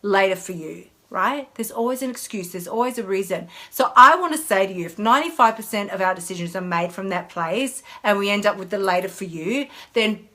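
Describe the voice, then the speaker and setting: A woman, a health coach chatting casually on a live stream in an animated way. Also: medium pitch, fairly quick. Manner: chatty, animated, mimics whiny inner voices.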